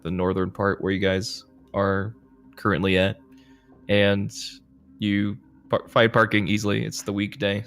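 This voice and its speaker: A man's voice: sits low, a bit bright. A man narrating as storyteller of a tabletop role-playing game, in a laid-back, rambling way.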